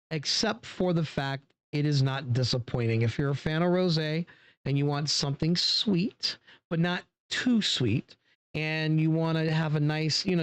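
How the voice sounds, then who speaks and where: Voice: mid-range voice, vocal fry, no room sound. Chatty, dry-voiced wine reviewer. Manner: chatty and relaxed, many fillers, talks straight to viewers. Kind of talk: casual wine tasting review.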